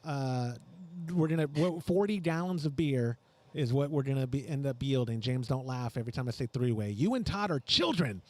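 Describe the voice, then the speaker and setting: A man's voice: mid-range voice, expressive, moderate pace, a little mellow. A man hosting a homebrewing podcast in casual, joking, rambling chat. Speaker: podcast host. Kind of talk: casual live-stream chat.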